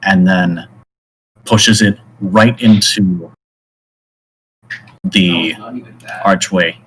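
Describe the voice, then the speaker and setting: A man narrating a tabletop game as game master, describing scenes in a halting way. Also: deep voice, fairly even intonation, fairly bright tone, slight background noise, rough recording.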